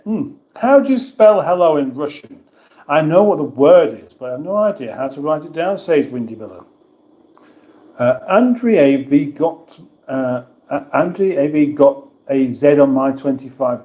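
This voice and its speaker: Man, from England, livestream host, chatty, self-mocking, reads comments aloud, slightly high voice, echoey room. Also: dark tone. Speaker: livestream host reading chat. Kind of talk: casual livestream chat.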